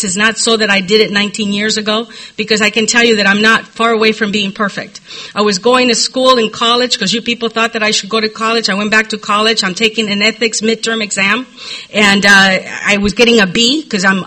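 A middle-aged woman speaks into a podium microphone, giving a candid personal testimony at a recovery meeting. Her voice is very bright, and her storytelling is loose and confessional, with frequent "you know" fillers. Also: a little high, rough recording.

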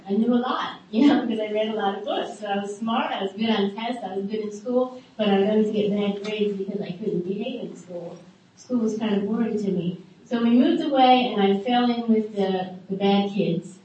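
A middle-aged woman candidly telling her life story to a live group, halting often and adding wry asides. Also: medium pitch, a little mellow, lo-fi sound, a little hiss or hum. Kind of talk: personal testimony to a live group. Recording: echoey room heard from a distance.

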